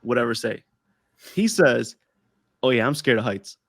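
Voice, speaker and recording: A man's voice: medium pitch, expressive, moderate pace, fairly bright tone, no echo, studio quality. A man co-hosting a podcast in casual chat, telling a rambling story and acting out the people in it. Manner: rambling storyteller who acts out quoted dialogue. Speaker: podcast co-host. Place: lives in Texas.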